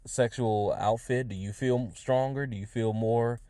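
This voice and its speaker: A man's voice: medium pitch, steady tone, dark tone, clean tone, dry recording. A podcast host, a man, giving his own views in casual solo talk, often restarting his phrases as he thinks them through. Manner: halting, restarts phrases often, musing aloud.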